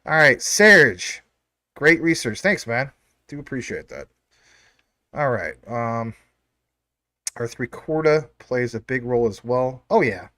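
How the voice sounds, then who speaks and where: A man's voice: medium pitch, lively intonation, slow pace, pauses often, sharp tone, no echo. A man hosting a casual livestream, reading viewer comments in a rambling, filler-heavy way. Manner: rambling, many fillers, chatty asides. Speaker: crypto livestream host.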